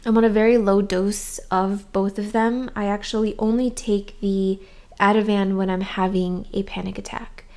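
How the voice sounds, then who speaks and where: A woman's voice: mid-range voice, a little mellow. A young adult woman talking casually and candidly to her viewers as a YouTuber, with frequent ums and likes. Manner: candid and chatty, with many "um" and "like". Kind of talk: casual chat to camera.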